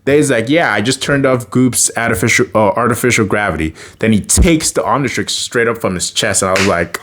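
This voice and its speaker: A man's voice: on the low side, a little fast, noisy background. A man giving a casual episode review, joking, laughing often and acting out quotes, with many fillers and self-corrections.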